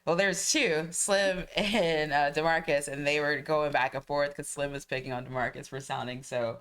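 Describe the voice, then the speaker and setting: A woman's voice: low voice, smooth. A woman hosting a casual podcast, chatting expressively and laughing along with her guest. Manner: expressive, laughs along, quick back-channels. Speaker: podcast host.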